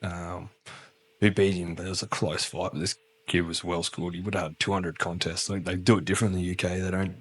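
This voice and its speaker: Low-voiced aussie bloke, blunt and sweary, chatting loose on a podcast. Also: male voice, level tone, fairly quick, breathy edge. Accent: Australian. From Australia. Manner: blunt, swearing, laughing storyteller. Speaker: guest. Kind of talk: casual interview chat.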